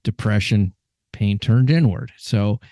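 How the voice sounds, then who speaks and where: Male podcast host, low voice, thoughtful, dry studio sound. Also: takes it slowly, no echo. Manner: thoughtful, affirming, explains ideas calmly. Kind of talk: casual interview chat.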